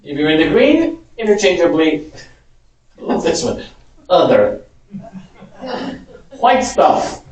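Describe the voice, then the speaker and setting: A man's voice: a little high, sing-song, slow pace, long pauses, a little mellow. A man, a Spanish teacher, giving a chatty, amused informal lecture. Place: large echoey parish hall. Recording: echoey hall, distant mic.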